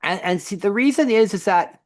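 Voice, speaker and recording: Middle aged guy co-hosting, animated storytelling, lots of restarts, dead dry mic. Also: high-pitched, normal speed, no echo. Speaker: podcast co-host. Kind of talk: conversational storytelling and teaching.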